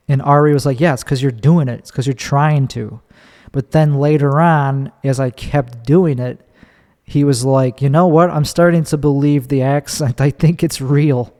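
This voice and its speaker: A Chicago man in his thirties, a stand-up comic with his own podcast, rambles through a candid solo story full of restarts and swearing. His voice sits a little high with a darkish tone, and the recording carries a long hall reverb.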